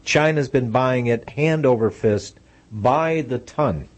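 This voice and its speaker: A man's voice: mid-range voice, slow. A man hosting a radio interview, talking in a conversational, wry way that builds to indignation. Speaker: radio host.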